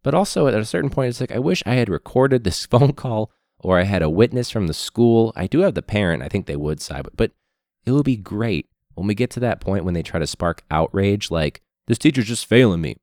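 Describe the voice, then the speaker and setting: A hoarse man with a very deep voice rants about his teaching job, his pitch swinging widely as he mocks and swears. The sound is dry and close, with little room echo. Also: expressive, a little fast, darkish tone. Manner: sarcastic, profane, mocking. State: hoarse throat after illness. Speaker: high school teacher. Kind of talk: casual ranting monologue.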